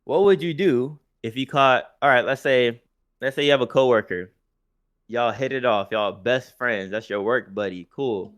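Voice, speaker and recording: A man's voice: mid-range voice, normal speed, fairly bright tone, no echo, clean studio sound. A man co-hosting a podcast, telling a story in casual chat, swearing freely and laughing often. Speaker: podcast co-host.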